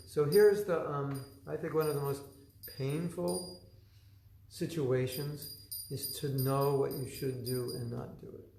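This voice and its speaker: Reading from his own book, a spiritual teacher leads a conversational class in a lecture room, often laughing as he imitates the voices inside people's heads. His mid-range voice is darkish with vocal fry, and the low-quality recording sounds roomy.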